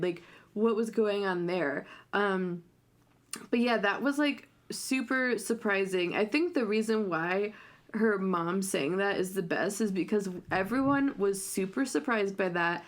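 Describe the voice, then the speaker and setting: A woman's voice: medium pitch, moderate pace. A young woman co-hosting a podcast in casual chat, talking freely with lots of fillers. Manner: chatty, many fillers like "like" and "um". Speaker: podcast co-host.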